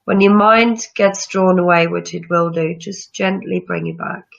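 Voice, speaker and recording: A woman yoga teacher leading a guided breathing meditation with slow, soothing instructions. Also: on the low side, steady tone, vocal fry, fairly bright tone. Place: room with chairs, not a studio. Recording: dull lo-fi sound.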